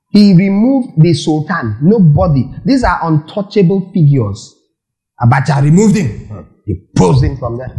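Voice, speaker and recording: A man preaching a sermon, animated and full of rhetorical questions to the audience. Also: high voice, low-quality recording.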